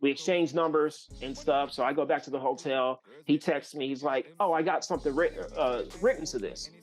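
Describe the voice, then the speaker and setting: A man from California, a guest musician, telling a long story in a loose, animated way with many fillers and restarts. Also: a little high, a little fast, soft background music. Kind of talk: casual storytelling.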